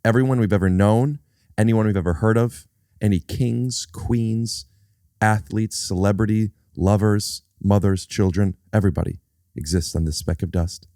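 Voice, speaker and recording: A man hosts a loose comedic conversation with a fairly low voice. He wanders through his thoughts and often restarts mid-sentence. The sound is dry and close, with no room echo. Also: moderate pace, warm tone. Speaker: podcast host. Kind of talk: casual comedic chat.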